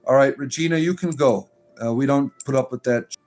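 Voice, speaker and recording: A man's voice: mid-range voice, brisk, darkish tone, faint music behind. A man hosting a pagan livestream, reading and answering chat comments in a sarcastic, exasperated way with lots of fillers. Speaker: pagan clergy livestream host.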